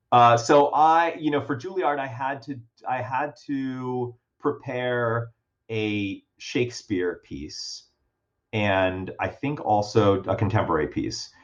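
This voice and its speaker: A man guesting in a casual interview, an actor, tells a long story full of fillers and restarts, laughing often. His voice is medium-pitched and he speaks slowly. The sound is lo-fi.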